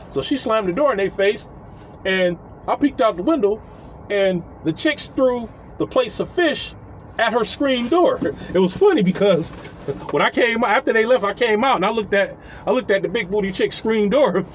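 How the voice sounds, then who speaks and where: High-pitched, animated man telling a story. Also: moderate pace, a little hiss or hum, poor audio. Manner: animated, chuckling, acts out quotes. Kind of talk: casual profane storytelling.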